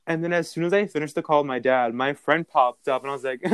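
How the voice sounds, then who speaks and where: A young man telling a story in a casual, animated and profane way, with a background. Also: on the high side, fast talker, smooth, dry recording.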